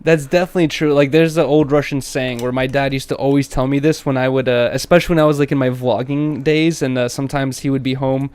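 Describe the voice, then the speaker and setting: A young man co-hosting a casual podcast, telling animated stories with heavy slang and acting out quotes. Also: medium pitch, quick pace, hardly any pauses, clear, resonant tone, no echo. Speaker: podcast co-host. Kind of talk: casual chat.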